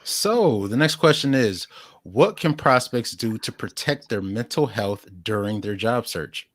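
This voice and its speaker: A man co-hosting a live show, asking questions in a casual, slightly halting way. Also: medium pitch, expressive, no echo. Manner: casual, conversational, a little halting. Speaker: co-host.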